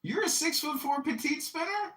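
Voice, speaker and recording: A man hosting a casual talk show, teasing a caller in a deadpan, mock-earnest way. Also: extremely high pitch, normal speed, echoey room, recorded from a distance. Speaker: host. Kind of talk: casual chat, teasing call.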